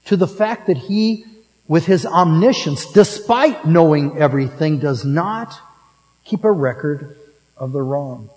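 A man's voice: on the high side, animated, unhurried. Storytelling male preacher in a reverberant hall. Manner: storytelling, swings between emphatic and hushed. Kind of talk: sermon. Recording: long reverb of a large hall.

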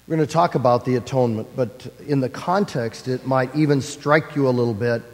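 A man, a pastor, preaching a sermon with slow, deliberate phrasing. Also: mid-range voice, big-room sound.

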